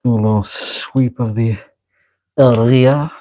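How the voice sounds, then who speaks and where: A man's voice: mid-range voice, fairly even intonation, slow, mellow, dry recording. A man making a knife in his workshop, chatting playfully to the camera through a face mask. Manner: playful, mumbling self-talk while working. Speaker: knife maker, channel host. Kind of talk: casual workshop vlog commentary. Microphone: talking through a face mask. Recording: dull lo-fi audio.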